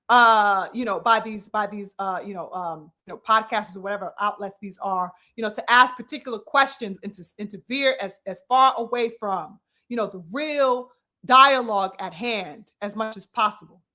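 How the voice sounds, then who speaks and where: A woman's voice: medium pitch, normal speed, pushed and bright. A woman giving a heated, profane commentary monologue with emphatic delivery and frequent "you know" fillers. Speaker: boxing commentator.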